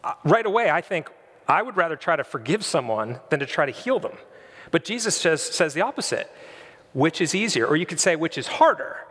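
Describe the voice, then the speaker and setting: A man's voice: on the high side, very animated, a little fast, a bit bright, breathy edge, in a large hall. A man preaching a sermon in a conversational, storytelling way, painting vivid scenes for his congregation in a church. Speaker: pastor.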